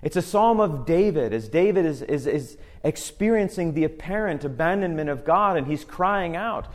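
A man preaching a sermon, earnest, slowing down to read scripture and pressing harder on his key points. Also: on the high side. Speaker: pastor.

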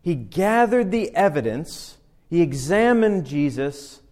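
Pastor, male, fairly high voice, emphatic sermon delivery, long hall reverb. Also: sing-song, slow. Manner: emphatic, swings between loud declarations and quiet low phrases.

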